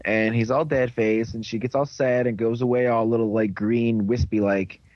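A man's voice: medium pitch, steady tone, moderate pace, no room sound, dull audio. A man chatting casually, retelling a TV episode in a rambling way and slipping into characters' lines. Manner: rambling, dips into quoted voices. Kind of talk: casual chat, recapping a TV episode.

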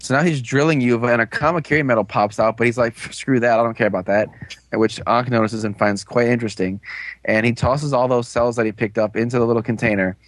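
A man's voice: medium pitch, steady tone, fast talker, a little hiss or hum. A man casually recapping an episode in a rambling, amused way, with plenty of fillers. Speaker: podcast co-host recapping an episode. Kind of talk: casual chat.

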